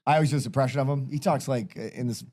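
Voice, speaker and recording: A man's voice: mid-range voice, racing, warm tone. A man hosting a podcast, telling long rambling stories in casual chat and swearing often. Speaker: podcast host.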